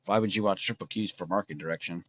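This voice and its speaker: Deep-voiced and fast, a young trading streamer chats casually with his audience, and the sound has no echo. He keeps it laid-back and slangy, tossing around "bro" and "dude" to chat.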